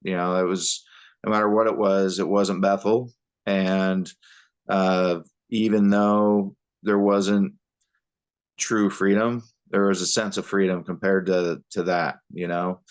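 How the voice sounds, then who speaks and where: A man, a podcast guest, telling his personal story in a halting way with many pauses and restarts. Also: low-pitched, level tone.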